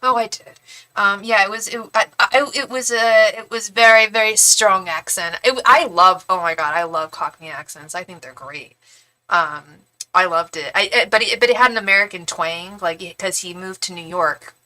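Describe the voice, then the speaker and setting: A woman's voice: medium pitch, moderate pace, sharp tone. A young woman hosting a live-stream, chatting casually and rambling with many restarts. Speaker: tarot reader livestream host.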